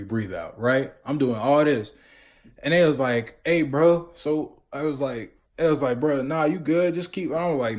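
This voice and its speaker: A young man vlogging, telling a story in a casual, slangy way and acting out the voices of friends. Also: medium pitch. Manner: animated, slangy retelling with quoted voices.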